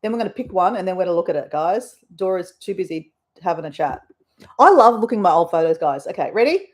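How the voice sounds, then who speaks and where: A woman's voice: on the low side, animated, fast. An Australian woman hosting a casual live stream, chatting in a rambling way with her viewers. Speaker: livestream host.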